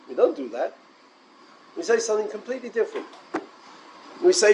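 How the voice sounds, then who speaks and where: Man, Torah lecture, high voice, very expressive pitch, faint room noise. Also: a little fast, long pauses, poor audio. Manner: animated, rhetorical questions, mixes Hebrew and Yiddish terms. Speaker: rabbi.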